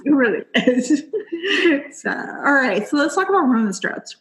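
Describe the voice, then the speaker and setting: A woman's voice: high-pitched, unhurried. A woman hosting a book podcast, chatting casually and acting out quoted reactions. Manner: animated, acts out quoted reactions. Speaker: podcast host. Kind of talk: casual chat.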